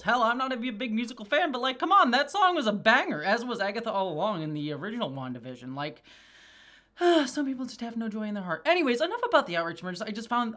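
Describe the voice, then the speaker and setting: Animated woman with a lowish voice. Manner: animated, chatty, with frequent restarts and swings in pitch. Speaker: video reviewer and channel host. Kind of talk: casual commentary review.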